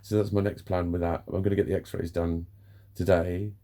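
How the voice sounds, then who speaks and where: A man's voice: low voice, little pitch movement, normal speed, dark tone. A man in a candid vlog monologue, frank and ranting, swearing often as he vents. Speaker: vlogger.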